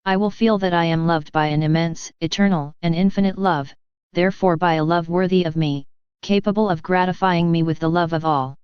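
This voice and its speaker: Casting: a woman voicing a tender, solemn divine man, low and silky-clear, in a dull, dry lo-fi recording. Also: a little fast, no echo, natural voice. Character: gentle sorrowful male divine speaker, man.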